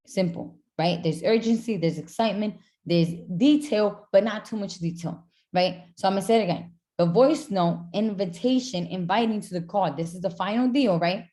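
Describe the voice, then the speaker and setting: A woman coaching her team on a casual group call. Her voice is mellow and a little low, and she tags "right?" onto nearly every point. She acts out sample messages in a lifted, friendly tone. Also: moderate pace. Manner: acts out sample chat messages in a brighter, upbeat tone. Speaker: network marketing team trainer.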